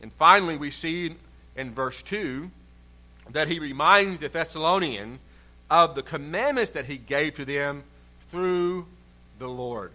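A man's voice: fairly high pitch, a little slow, bright, forceful tone. A man preaching a sermon in an earnest, emphatic way, stretching out key words for stress. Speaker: pastor.

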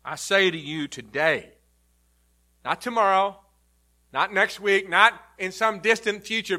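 A male pastor preaches emphatically at a normal speed, his voice rising loud before dropping to a low, quiet delivery.

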